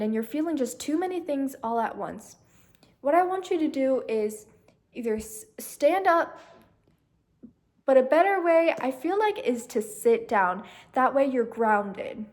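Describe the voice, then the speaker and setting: A gentle young woman with a slightly high voice talks the listener through a meditation. She slows down and softens as she guides their breathing. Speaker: meditation channel host.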